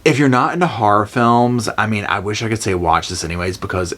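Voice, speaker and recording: A man's voice: on the low side, brisk. A man, casually retelling a movie plot as a review host, acting out the lines. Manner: chatty, animated retelling with voiced quotes and "y'all". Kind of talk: casual storytime movie recap.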